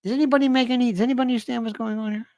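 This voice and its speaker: A man hosting a political commentary show, delivering an animated monologue full of rhetorical questions and exasperated repetition. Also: extremely high pitch, very fast, no room sound, clean studio sound. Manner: exasperated, fires off rhetorical questions, repeats himself.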